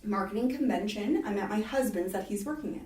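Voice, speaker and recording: A woman from Detroit, a podcast guest telling an animated story in casual chat, laughing often and acting out what others said. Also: medium pitch, fairly quick, far from the mic. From Detroit, USA. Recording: roomy echo, voice off-mic.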